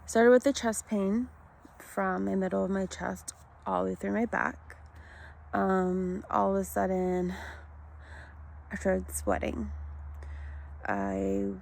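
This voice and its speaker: A woman in her thirties telling her own health story, halting and emotional, with many pauses and ums. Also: mid-range voice, vocal fry. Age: 30s. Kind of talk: personal storytelling to camera.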